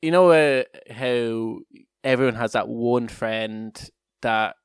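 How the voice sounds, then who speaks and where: A man's voice: mid-range voice, slow pace, clear, resonant tone, no room sound. Rambling, jokey man. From Ireland. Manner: rambling, jokey, laughs between lines. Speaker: podcast co-host. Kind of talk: casual chat.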